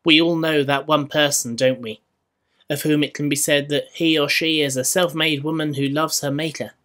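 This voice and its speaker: A man with a Scottish accent preaching a sermon in church, measured and rhetorical, with dry humour. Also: a little high, steady tone, sharp tone. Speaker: minister.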